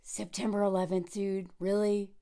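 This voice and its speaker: A woman of around forty with a Southern US accent, giving animated, digressive commentary full of sarcastic asides. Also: medium pitch, moderate pace, clean tone. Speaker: commentary vlogger. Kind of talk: ranting commentary.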